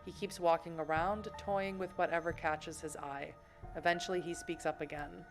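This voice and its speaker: A woman's voice: low voice, steady tone, moderate pace, faint music behind. A woman from Boston, streaming a video game, reads the story text aloud with playful, giggly asides to chat. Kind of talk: reading game text and chatting on a livestream.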